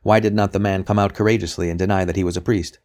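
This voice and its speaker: Brief: male narrator, very low voice, measured audiobook reading. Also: fairly even intonation, darkish tone. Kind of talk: scripted narration.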